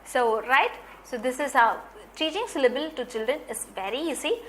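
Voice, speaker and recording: A woman training teachers in phonics, explaining points slowly and deliberately and repeating key ideas. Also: sits high, animated, a bit bright, slight background noise. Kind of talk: instructional lecture.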